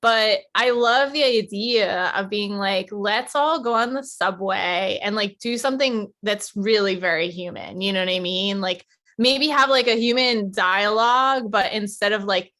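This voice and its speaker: A woman's voice: mid-range voice, measured pace, sharp tone. A woman who teaches yoga chatting casually on a podcast, bubbly, laughing often and filling her speech with "like". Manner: bubbly, laughing, many "like" fillers.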